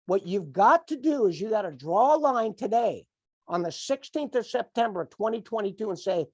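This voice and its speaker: A man's voice: high-pitched, lively intonation, moderate pace, dry recording. A middle-aged man giving an emphatic, repetitive, fired-up motivational coaching talk to his team on a call. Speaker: team leader.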